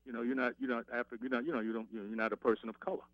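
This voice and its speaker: A man calling in to a radio show, rambling and halting, with many fillers. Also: mid-range voice, little pitch movement, no room sound. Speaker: caller. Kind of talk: phoned-in radio chat. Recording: dull, dry phone line.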